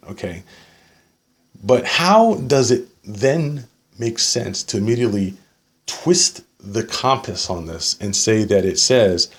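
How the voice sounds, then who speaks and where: A man reading an article aloud and arguing with it point by point, sarcastic, often tagging his points with "okay?". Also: lowish voice. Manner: sarcastic asides. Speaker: political commentator.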